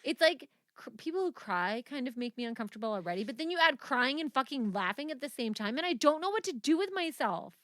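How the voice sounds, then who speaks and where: Animated swearing woman podcaster. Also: sits high, fast talker, hardly any pauses, no echo, studio quality. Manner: animated, swears often, laughs while telling stories. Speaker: podcast co-host. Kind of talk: casual chat.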